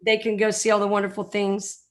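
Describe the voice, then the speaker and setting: A woman's voice: mid-range voice, completely flat delivery, a little fast. A woman hosting a podcast, chatting casually with a guest in a friendly, teasing way. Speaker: podcast host.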